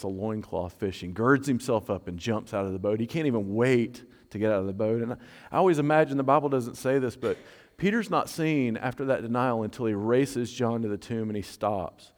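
A man preaching a sermon as a pastor, earnest, dropping to a hush and rising to fervent emphasis. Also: on the low side, big-room sound. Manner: earnest, swings from hushed to fervent.

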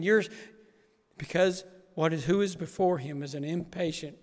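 A middle-aged man, a pastor preaching an emotional sermon that swings from quiet to raised. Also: a little high, measured pace, in a large hall.

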